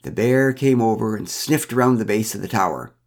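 A man's voice: on the low side, animated, a little fast, gravelly, a little mellow. A man reading a first-person story aloud with a wry, dryly humorous manner. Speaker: narrator.

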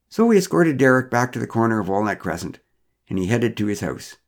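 A man's voice: medium pitch, very animated, a little fast. A man telling a first-person story in a dry, understated, wry way.

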